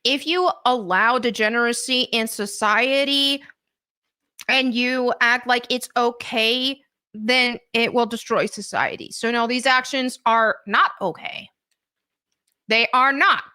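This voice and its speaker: A woman's voice: on the high side, steady tone, slow pace, sharp tone, smooth. A woman hosting a casual livestream and reading chat, blunt and indignant, with lots of fillers. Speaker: livestream host.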